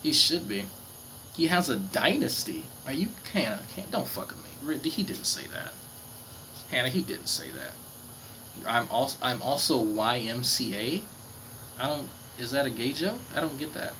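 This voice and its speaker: A man's voice: medium pitch, expressive, moderate pace. A man on a casual livestream, reading chat comments aloud and taunting a rival in a mocking, profane way. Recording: clear background noise with crickets.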